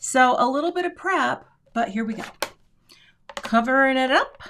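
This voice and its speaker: A woman's voice: high-pitched, moderate pace, fairly bright tone, a little hiss or hum. Chatty middle-aged woman hosting a crafting stream. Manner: chatty, thinks aloud while working, talks to viewers. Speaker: crafting livestream host. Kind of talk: casual live demo chat.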